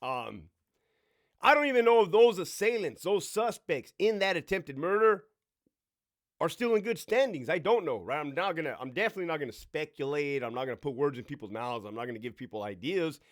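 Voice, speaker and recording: A man's voice: on the high side, lively intonation, a little fast. A man in his forties, a former prison officer, hosting a casual, profane storytime monologue with sound effects and asides to himself. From California.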